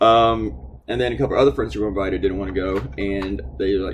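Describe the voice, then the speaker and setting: A man, a cartoonist, chatting casually in a rambling, animated way, with lots of fillers and the odd swear word. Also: sits low, fast talker, a little hiss or hum. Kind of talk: casual chatty video diary.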